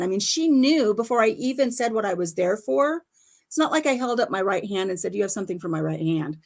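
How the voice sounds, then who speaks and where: A woman's voice: mid-range voice, lively intonation, quick pace. Chatty woman hosting a livestream. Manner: chatty, laughs often, retells conversations. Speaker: livestream host. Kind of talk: casual chat. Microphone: phone.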